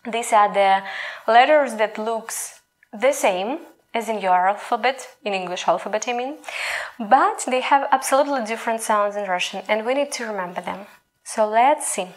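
Ukrainian-accented woman teaching pronunciation. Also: fairly high pitch. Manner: patient, explains slowly, models sounds aloud. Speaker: language teacher. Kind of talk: scripted language lesson.

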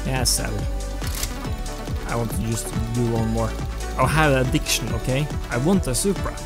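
Halting man commenting on a race game. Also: mid-range voice. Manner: rambling, halting, with frequent restarts and self-talk. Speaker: gaming channel host. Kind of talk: casual racing game commentary. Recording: game music playing over the voice.

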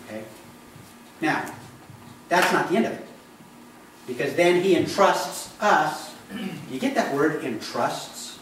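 A man's voice: a little high, background noise. A man preaching a sermon as pastor of a church, talking in a conversational way and often asking the congregation questions. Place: church sanctuary. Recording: echoey church hall, mic from a distance.

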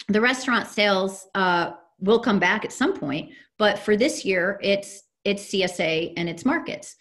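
A woman farmer answering questions in a casual online panel, energetic and self-deprecating, rambling with restarts. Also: medium pitch.

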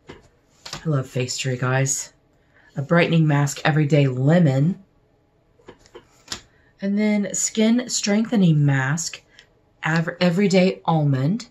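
A woman unboxing beauty products at home, chatting casually and gushing with excitement, now and then dropping to a soft whisper. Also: deep voice, slight background noise. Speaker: beauty vlogger unboxing mail.

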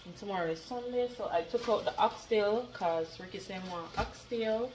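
Chatty mom vlogging. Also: female voice, medium pitch, normal speed, a little mellow, a little hiss or hum. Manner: chatty, laughs often, patois phrasing. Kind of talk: casual vlog chat.

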